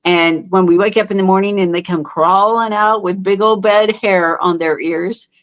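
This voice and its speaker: A middle-aged woman telling her own story as a podcast guest, heartfelt and halting, with many fillers and restarts. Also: medium pitch, steady tone. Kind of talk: candid interview storytelling.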